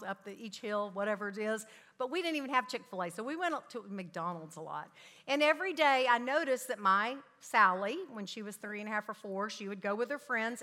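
A middle-aged woman talks to a room of parents, spinning animated family stories and slipping into her children's voices as she goes. Her voice is bright and set a little high. Long reverb from a hall trails every phrase. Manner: animated storytelling, acts out her kids' voices. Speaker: Christian parenting speaker. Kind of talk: talk to parents with anecdotes.

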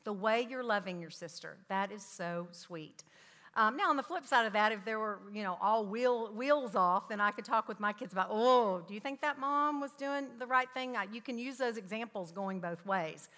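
A middle-aged woman talks to a room of parents, spinning animated family stories and slipping into her children's voices as she goes. Her voice is bright and set a little high. Long reverb from a hall trails every phrase. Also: normal speed, few pauses. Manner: animated storytelling, acts out her kids' voices. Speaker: Christian parenting speaker. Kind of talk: talk to parents with anecdotes.

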